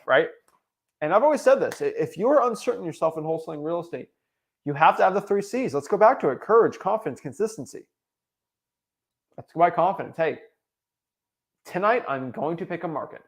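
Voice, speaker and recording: Young guy hyping people up on a livestream, kinda high voice, keeps repeating himself for emphasis. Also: a little fast. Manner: animated, emphatic, repeats points. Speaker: host. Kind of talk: motivational livestream talk.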